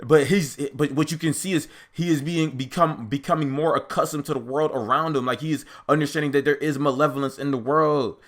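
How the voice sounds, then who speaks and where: Rambling, argumentative young man with a higher voice. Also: steady tone, a little fast, few pauses, fairly bright tone. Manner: rambling, filler-heavy, argumentative. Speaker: anime reaction commentator. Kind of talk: casual unscripted commentary.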